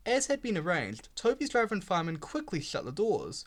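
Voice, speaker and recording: A man's voice: high-pitched, huge pitch swings, moderate pace, hardly any pauses. A man reading a children's railway storybook aloud, giving the characters voices. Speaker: storybook reader.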